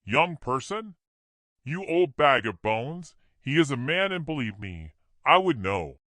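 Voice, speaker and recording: A man's voice: mid-range voice, big pitch swings, unhurried, fairly bright tone, no room sound, pitched above the performer's own voice. A man voicing a seductive, menacing woman doctor with something demonic about her, mocking and snarling.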